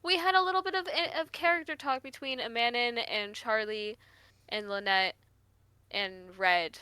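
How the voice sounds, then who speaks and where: A woman player recapping a game session in casual chat, halting and searching for words. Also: on the high side, sharp tone, clean tone, no room sound.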